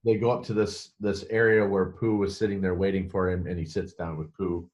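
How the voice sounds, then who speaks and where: A man's voice: low-pitched, level tone, a little fast, darkish tone, dull audio. A man co-hosting a podcast, retelling a film's plot in a rambling way with many restarts. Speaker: podcast co-host. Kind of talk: casual film discussion.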